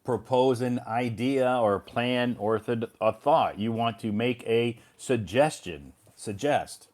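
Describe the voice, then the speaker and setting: Calm male English teacher. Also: medium pitch. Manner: calm, explains slowly and carefully. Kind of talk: casual live English lesson.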